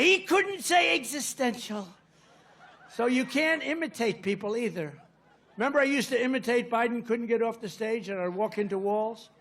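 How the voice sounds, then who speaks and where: An older man giving a rambling, boastful rally speech, swinging from loud outbursts to muttered asides. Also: high voice. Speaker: politician addressing a rally.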